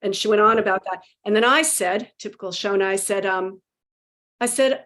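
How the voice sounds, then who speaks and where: A woman guest telling a spiritual story with animated emotion, acting out quotes and laughing. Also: medium pitch, moderate pace.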